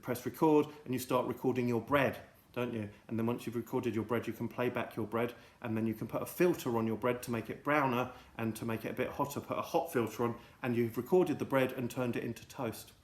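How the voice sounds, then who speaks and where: A man's voice: medium pitch, steady tone, brisk. A man hosting a comic children's show, rambling in a silly, mock-pompous way. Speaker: host. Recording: echoey room.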